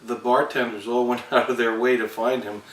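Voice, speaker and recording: A man's voice: medium pitch, flat delivery, a little fast. A man telling a dry, anecdotal story about a family trip. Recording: echoey room, distant mic, faint noise.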